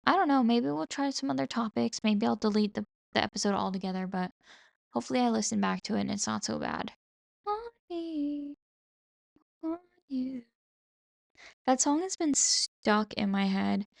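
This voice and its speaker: A woman's voice: medium pitch, vocal fry, no echo. A young adult woman hosting her own podcast solo, chatting casually and rambling, with lots of "like" fillers and casual swearing. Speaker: podcast host.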